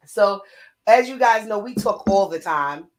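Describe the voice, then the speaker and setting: A woman co-hosting a casual live-stream chat with a New York accent, talkative and playful with shout-outs. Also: medium pitch, lively intonation, measured pace, low-quality recording. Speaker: co-host.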